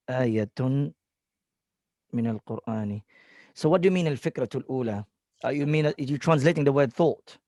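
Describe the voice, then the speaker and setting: A man's voice: medium pitch, dark tone, no room sound, clean studio sound. A man teaching an Arabic class over a video call, patiently going through students' sentences word by word. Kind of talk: online class feedback.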